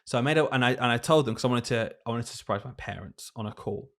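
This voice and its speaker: A young man telling a story in casual podcast chat, animated and laughing often. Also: medium pitch, fast talker. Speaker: podcast co-host, teacher.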